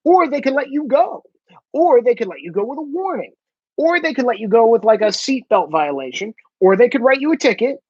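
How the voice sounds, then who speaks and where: A man's voice: high voice, husky, no room sound, dull audio. Blunt, profane male ranter. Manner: blunt, emphatic, heavy swearing. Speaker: commentator. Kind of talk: profane ranting monologue.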